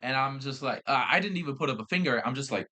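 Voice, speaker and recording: Bright-voiced young man ranting casually. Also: medium pitch, expressive, fast talker. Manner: exasperated ranting with profanity and restarts. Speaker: podcast host. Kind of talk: casual storytelling chat.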